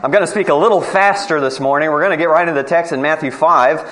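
Man, preacher, sermon, earnest, slightly higher voice, shifts between quick and deliberate pacing. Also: a bit bright. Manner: earnest, varies pace from brisk to slow and emphatic.

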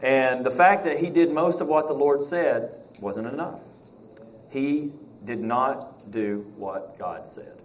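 A man's voice: medium pitch, slow pace, slight background noise, poor audio. A man teaching a Bible study class, reading passages aloud and asking the class questions. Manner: reads scripture aloud, acts out quotes, asks the class questions.

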